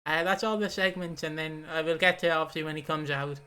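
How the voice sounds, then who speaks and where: A man's voice: fairly high pitch, steady tone, bright, forceful tone, smooth. A man co-hosting a wrestling podcast in casual chat, rambling and swearing freely. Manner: swearing, rambling, quick asides. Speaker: podcast co-host.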